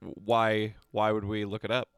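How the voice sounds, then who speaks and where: Slow, animated man, dry close sound. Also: fairly low pitch, smooth, no room sound. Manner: animated, laughing, wry asides. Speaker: podcast co-host. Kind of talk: casual chat.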